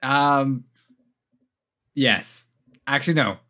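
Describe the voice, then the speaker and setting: A man's voice: mid-range voice, drawn-out words, sharp tone. A man running a tabletop game as game master, narrating with jokes and frequent laughter. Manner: laughs often, joking narration.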